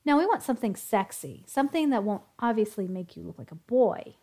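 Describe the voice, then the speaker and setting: A woman's voice: medium pitch, very animated, a little fast, mellow. A woman reading a story aloud, voicing a domineering young woman who mocks and orders others. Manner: commanding, sarcastic.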